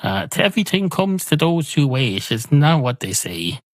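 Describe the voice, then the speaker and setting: An Irish man voicing a weary, rambling barman in a deadpan, self-pitying comic manner. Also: fairly high pitch, moderate pace, no room sound, voice pushed up. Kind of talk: comic storytelling.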